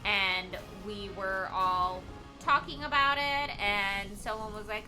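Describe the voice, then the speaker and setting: A woman's voice: mid-range voice, animated, measured pace, bright, forceful tone, faint music behind. A young woman chatting casually to viewers on a live stream, tired and rambling, with bursts of bubbly squealed greetings.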